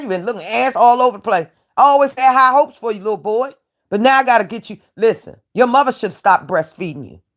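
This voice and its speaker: Brash taunting woman host. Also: medium pitch. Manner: brash, taunting, animated, laughs often. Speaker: YouTube commentary host playing a judge. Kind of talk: casual streetwise commentary rant.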